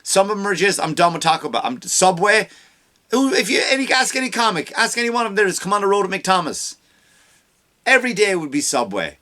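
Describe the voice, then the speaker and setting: A man with an Irish accent rants on a comedy podcast, heated and full of swearing. His voice sits fairly high and sounds bright and forceful, and his delivery is punchy. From Ireland. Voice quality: profane, heated ranting. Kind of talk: comedic rant.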